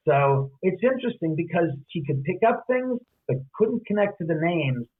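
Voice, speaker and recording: A man's voice: a little high, very animated, normal speed, hardly any pauses, breathy edge. A man telling a story in a podcast interview, acting out the quoted dialogue with many restarts and asides. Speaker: guest, homeowner and author. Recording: tinny phone-line audio.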